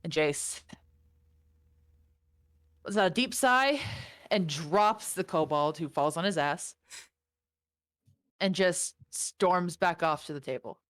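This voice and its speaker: A woman's voice: fairly low pitch, slow pace, pauses often, fairly bright tone. A woman narrating as game master, casual and swearing a lot. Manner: casual, swearing, voices the figures. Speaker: dungeon master.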